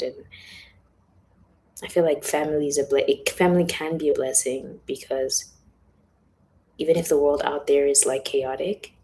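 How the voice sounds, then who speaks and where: A young woman chatting on a livestream, often slipping into hushed whispers, with a headache. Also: a bass voice, creaky, slight background noise, rough recording. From South Africa. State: has a headache. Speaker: author on a livestream. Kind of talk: casual livestream chat. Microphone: phone or webcam livestream.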